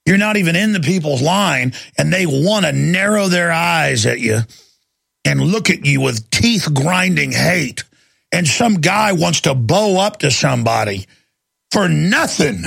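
Gravelly ranting male radio host. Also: animated, unhurried. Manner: shouting and ranting, voice climbing high when angry. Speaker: radio talk show host. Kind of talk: angry on-air rant.

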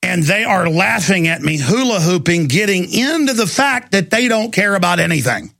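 A man's voice: high voice, expressive, normal speed, vocal fry, fairly bright tone, dry recording, clean studio sound. A man hosting a radio talk show, rambling through a long digressive rant before taking calls. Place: radio studio.

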